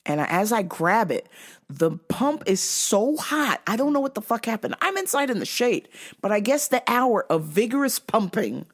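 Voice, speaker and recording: Speaking at a normal speed in a higher voice, this young adult woman rants through a funny vlog story. Her delivery is profane and lively, punctuated by bursts of shrieking laughter.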